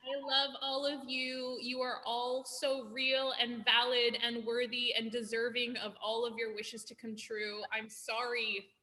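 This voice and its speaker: A woman's voice: on the high side, little pitch movement, measured pace, hardly any pauses. A woman host giving emotional, effusive thanks to her guests. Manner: emotional, effusive, soft-spoken. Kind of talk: heartfelt closing remarks.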